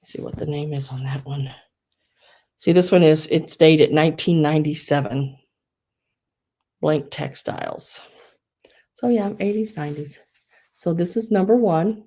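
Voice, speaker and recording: A low, mellow-voiced woman chats her way through a live online sale. She rambles, restarts her sentences and fills gaps with ums, and her breath is a little wheezy. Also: a little slow, pauses often, husky. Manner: rambling, many fillers and restarts. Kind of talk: casual live sales chat.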